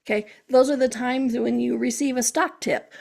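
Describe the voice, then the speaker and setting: A woman hosting her own podcast, talking in a chatty, animated motivational monologue and often checking in with "okay?". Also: on the high side, normal speed, gravelly. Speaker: podcast host.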